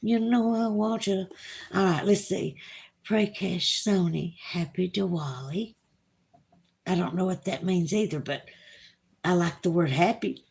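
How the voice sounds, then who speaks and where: A woman's voice: lowish voice, a little slow, vocal fry, darkish tone. A woman with a Southern US accent, hosting a casual livestream and reading viewers' comments aloud in a chatty, drawling way. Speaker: livestream host reading chat.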